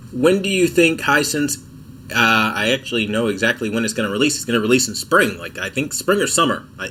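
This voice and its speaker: Bright-voiced, sick, laid-back man chatting. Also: medium pitch, slight background noise. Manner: laid-back, chatty, self-mocking, laughs often. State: sick, coughing and clearing throat. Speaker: TV tech livestream host. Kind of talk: casual livestream chat answering viewers. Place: home.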